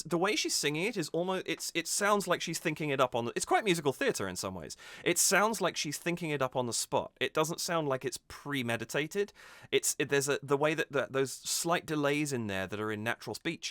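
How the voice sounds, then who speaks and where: A man talks through a song's craft in a relaxed, analytical way, pausing and rephrasing as he thinks. His voice is bright and smooth. The recording is dry and close, with no room sound. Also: a little high, no echo. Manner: thoughtful, restarts mid-sentence, analytical. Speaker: music reaction host. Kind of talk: casual music analysis.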